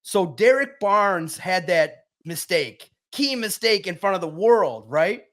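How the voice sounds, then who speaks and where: A high-energy man, a sports writer guest, telling a lively story and acting out the voices in it. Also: slow pace. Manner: high-energy, acts out quotes loudly. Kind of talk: animated storytelling.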